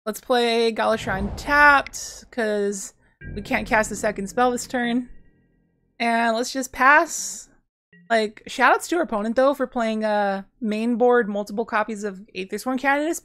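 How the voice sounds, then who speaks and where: A fairly high-voiced woman gives play-by-play on her own card game from a home desk microphone. She chats and thinks aloud, then breaks into sudden excited bursts. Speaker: gameplay streamer. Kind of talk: casual play-by-play commentary.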